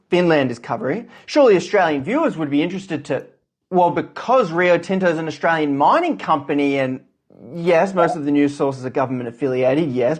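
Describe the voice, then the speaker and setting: A man voicing a flustered male news anchor in a satirical sketch, stammering and apologetic. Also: a little high. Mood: mock-serious. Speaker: comedy sketch performer.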